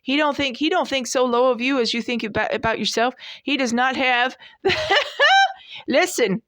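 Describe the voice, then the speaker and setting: A woman's voice: sits high, fairly even intonation, fairly quick, fairly bright tone, dry recording, studio quality. A woman in her forties giving a devotional talk in an emphatic, folksy way, repeating her points for stress. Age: 40s. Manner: emphatic, repetitive, folksy preaching. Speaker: devotional podcast host.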